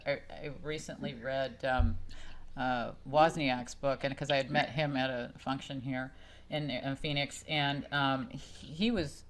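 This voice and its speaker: A woman hosting an interview in a casual chat, curious and asking questions with small restarts. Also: rumbling low. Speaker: interview host.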